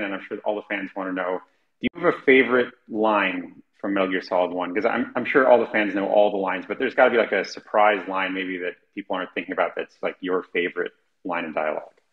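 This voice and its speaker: A man with a lowish voice hosts a panel, chatty and full of fillers as he asks his questions. His audio sounds dull and muffled, like a remote call. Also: brisk. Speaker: panel host. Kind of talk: casual panel interview.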